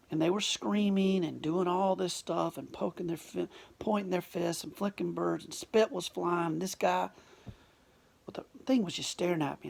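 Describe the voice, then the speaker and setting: A man's voice: high voice, vocal fry, darkish tone. A man telling a personal story in an earnest monologue, often dropping to a whisper and restarting his sentences. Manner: restarts and repeated words.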